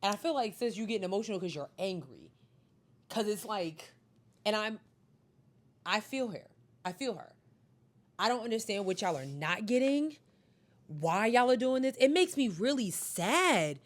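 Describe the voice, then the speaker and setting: Animated, fired-up woman podcaster. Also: medium pitch, moderate pace, pauses often. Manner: angry, profane, ranting with emphatic stresses. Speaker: podcast co-host. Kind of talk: heated casual chat.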